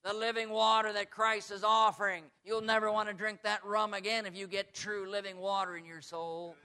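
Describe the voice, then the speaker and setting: American preacher guy, high bright voice, goes soft then shouts. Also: level tone, normal speed, clear, resonant tone. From United States. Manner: swings from soft asides to shouted high emphasis. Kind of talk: sermon.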